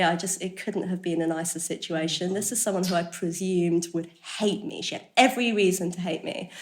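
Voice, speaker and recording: A woman giving a candid, self-deprecating personal testimony at a recovery workshop, talking casually and swearing now and then. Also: on the low side. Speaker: recovery meeting speaker. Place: workshop room with listeners.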